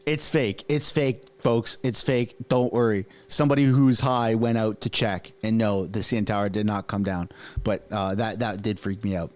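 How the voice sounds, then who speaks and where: A man's voice: lowish voice, steady tone, moderate pace. A man from Canada hosting a casual political reaction stream, ranting in an exasperated way with lots of restarts. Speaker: political commentary host.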